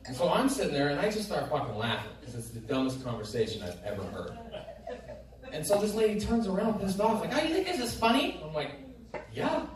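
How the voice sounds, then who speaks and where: Guy doing standup, swears a lot, pitch jumps all over, echoey club, a bit far from the mic. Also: very animated, a little fast, a crowd in the background. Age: adult parent. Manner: profane, exasperated storytelling. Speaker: stand-up comedian. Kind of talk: stand-up set. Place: comedy club stage.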